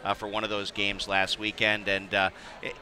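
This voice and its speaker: A man's voice: lowish voice, monotone, moderate pace, sharp tone. A man hosting a local sports show in a restaurant, asking coaches questions with frequent restarts. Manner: stammering restarts, friendly questions. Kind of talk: casual interview hosting.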